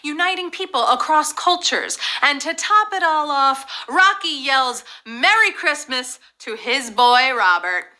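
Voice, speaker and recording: A woman hosting a live trivia game show, chatting casually in a bubbly, playful way with quick asides. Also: high-pitched, lively intonation, sharp tone, slight background noise. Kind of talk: casual chat.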